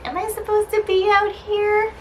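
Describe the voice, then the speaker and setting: A woman voicing her young female house cat as innocent and puzzled, in a high, sweet voice. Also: level tone, moderate pace, far from the mic, slight background noise.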